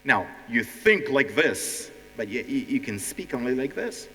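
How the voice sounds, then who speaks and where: A man's voice: mid-range voice, sing-song, measured pace, a bit bright. A man with a Ukrainian accent hosting a stand-up style language lesson, addressing a live audience directly and acting out nervous learners. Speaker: language teacher and show host. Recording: hall reverb.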